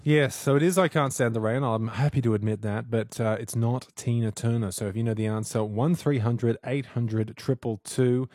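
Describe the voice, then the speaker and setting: A man's voice: mid-range voice, fairly even intonation, moderate pace, few pauses, a little mellow, dry recording, studio quality. A young Australian man hosting a radio quiz, chatting and laughing easily with callers. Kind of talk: casual radio chat with callers. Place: radio studio.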